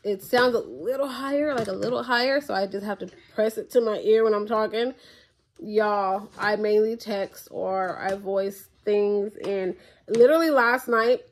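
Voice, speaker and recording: A young woman vlogging at home into her tablet's mic, chatting to viewers in an exasperated, casual way. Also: mid-range voice. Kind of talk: casual chat to camera. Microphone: tablet built-in mic.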